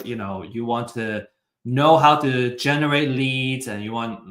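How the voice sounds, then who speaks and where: A man's voice: medium pitch, a bit bright. A man giving a live real estate webinar presentation, talking hesitantly with many fillers. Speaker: webinar speaker. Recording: roomy echo.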